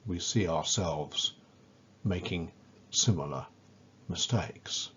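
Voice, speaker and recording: A man giving a measured, scripted lecture and leaning on key words as he explains ideas. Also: deep voice, fairly bright tone, highs cut off, slight background noise.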